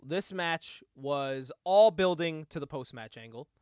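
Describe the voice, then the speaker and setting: A man's voice: fairly high pitch, lively intonation, unhurried, darkish tone, clear, resonant tone, dry recording, studio quality. A man co-hosting a podcast, animatedly retelling events, acting out quotes and laughing often. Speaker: podcast co-host. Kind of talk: casual chat.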